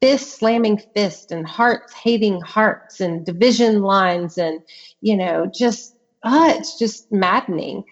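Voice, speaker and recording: A woman's voice: medium pitch, slow, lo-fi sound. A middle-aged woman, a guest author on an interview podcast, who talks earnestly and leans into emphatic repetitions as she tells vivid stories. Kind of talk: conversational interview.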